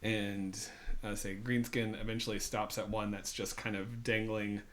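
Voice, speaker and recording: A man's voice: fairly low pitch, flat delivery, moderate pace, a bit bright. A man narrating a tabletop game as dungeon master, rambling with fillers and restarts.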